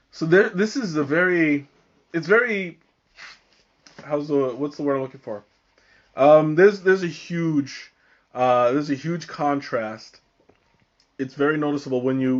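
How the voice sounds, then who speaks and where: Guy doing a live tea tasting, mid-pitch voice, keeps losing his words and restarting, kinda dull lo-fi stream audio. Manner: halting, searching for words, many fillers and restarts. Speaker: livestream host.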